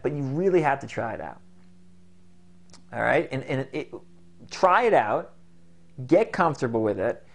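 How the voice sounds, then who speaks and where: Male self-help coach, mid-pitch, gravelly edge, earnest and repetitive delivery. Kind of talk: instructional talk to camera.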